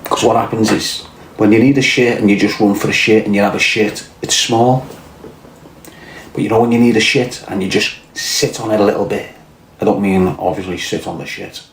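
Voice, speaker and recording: In a Scouse accent, a man chats crudely on his livestream, reading viewer comments and telling profane, blunt, swaggering stories. His voice is fairly low with fairly even intonation and a fairly quick pace, and the roomy-sounding recording carries a little hiss or hum.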